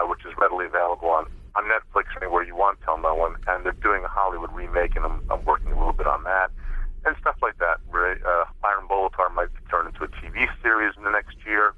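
A male author chatting as a guest in an interview, relaxed and loose with fillers. His voice is low yet very bright and forceful. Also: brisk, rough recording. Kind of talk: interview chat.

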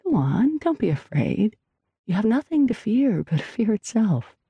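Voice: mid-range voice, very animated, a little slow, slightly rough, dry recording, dull audio, pitched above the performer's own voice, exaggerated voice. A narrator voicing a playful mermaid who coaxes a boy in an audiobook reading. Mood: coaxing. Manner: coaxing, teasing. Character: playful mermaid on a book spine. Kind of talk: storybook narration.

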